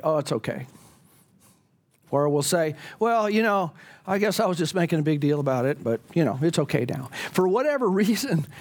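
A man, a pastor, leading a church Bible class in a conversational way, often putting questions to the group. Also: sits high.

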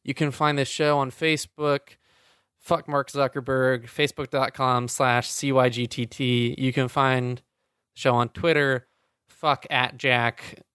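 Ranty podcast dude cursing a lot, clear bright voice, super dry mic. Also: male voice, mid-range voice, level tone, unhurried, no room sound. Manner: profane, ranting, sarcastic. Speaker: podcast co-host. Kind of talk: casual chat.

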